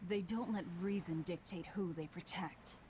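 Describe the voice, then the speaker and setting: A woman's voice: lowish voice, moderate pace, a little mellow, slight background noise, natural voice. An actress voicing a grim, hardened young demon woman from a game, who talks bluntly and dryly. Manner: blunt, dry, curt. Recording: game audio with faint music.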